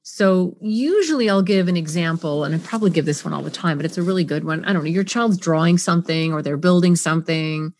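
A middle-aged woman talking as a parenting coach on a podcast, expressive, acting out scenes and asking rhetorical questions. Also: fairly low pitch, quick pace, few pauses. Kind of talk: podcast guest conversation.

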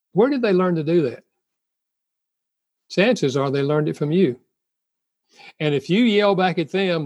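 A man's voice: on the high side, a little mellow. Earnest older man giving advice. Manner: earnest, laughs often, acts out spoken apologies. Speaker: marriage counselor guest. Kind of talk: conversational advice talk.

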